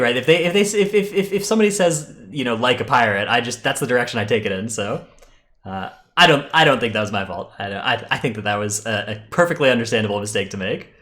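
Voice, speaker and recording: A man's voice: mid-range voice, animated, a little fast, a bit bright. A man co-hosting a live-streamed gaming podcast in casual chat, talking easily with many fillers and restarts. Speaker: podcast co-host.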